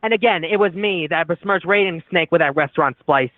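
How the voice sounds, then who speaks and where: A man's voice: fairly high pitch, brisk, no echo. A man calling in to a radio show, crude and boastful. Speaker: caller. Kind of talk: call-in boasting. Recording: dry tinny phone line.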